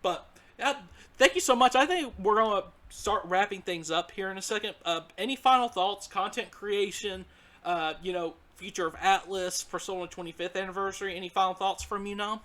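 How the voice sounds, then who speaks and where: High, bright Southern US man hosting. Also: a little fast. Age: 20s. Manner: loose, swears freely, laughs often. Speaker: podcast host. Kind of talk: casual podcast chat.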